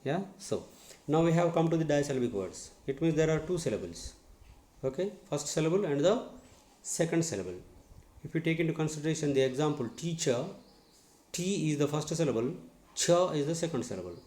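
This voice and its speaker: A man with an Indian English accent teaching English pronunciation in a slow spoken lesson, repeating words to model stress and drilling his students. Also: on the high side, animated, warm tone. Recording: echoey room.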